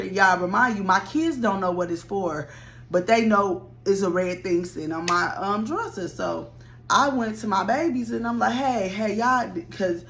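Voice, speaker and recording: A woman in her mid-thirties telling a rambling personal story to her viewers, chatty and animated. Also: medium pitch, slight background noise. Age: 30s.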